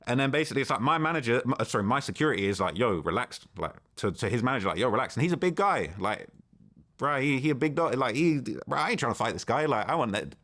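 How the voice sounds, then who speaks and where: A man telling a story as a guest on an interview, talking fast and animated, with slang and acted-out quotes. His pitch sits in the middle for a man.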